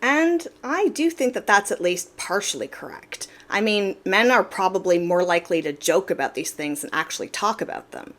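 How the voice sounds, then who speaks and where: This is a woman talking straight to her audience in a casual commentary. Her pitch sits right in the middle of the usual range. She explains herself plainly and leans on repeated words to drive her points home. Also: lively intonation, moderate pace, hardly any pauses, a bit bright. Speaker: commentary channel host.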